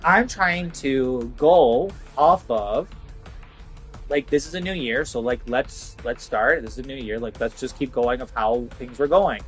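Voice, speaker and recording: A man's voice: medium pitch, measured pace, a bit bright, soft background music. A young man ranting casually about losing his job, frustrated and sweary, filling his talk with "like". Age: young adult. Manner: frustrated, swearing, heavy "like" fillers. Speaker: vlogger. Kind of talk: casual rant to camera.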